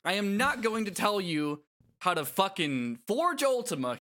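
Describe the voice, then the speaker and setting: A man chatting on a podcast, swearing freely and laughing as he reads out game lines. His voice is bright and forceful, with a pitch that swings up and down a lot. He sits slightly above the usual male pitch. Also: sing-song, unhurried. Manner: profane, jokey, laughs often. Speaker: podcast co-host. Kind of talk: casual podcast chat reading game dialogue aloud.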